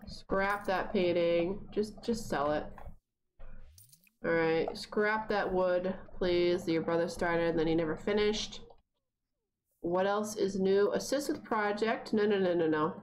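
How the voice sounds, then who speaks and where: A young woman streams a life-simulation game, keeping up a loose running commentary and bossing her characters around. Her pitch swoops widely as she talks, and she breaks into sudden excited squeals. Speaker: gaming streamer. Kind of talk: casual gameplay commentary.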